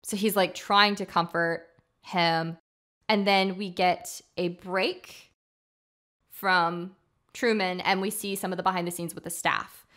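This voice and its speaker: A woman with a lowish voice talks slowly as she co-hosts a podcast, going through a film scene after scene in easygoing chat. She acts out what the characters say and leans heavily on filler words.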